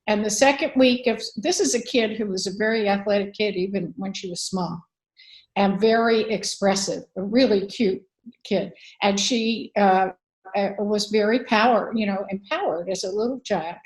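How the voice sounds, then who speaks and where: A woman's voice: medium pitch, moderate pace, low-quality recording. An older woman, an author and advocate, telling a personal story candidly in a conversational interview, with frequent fillers.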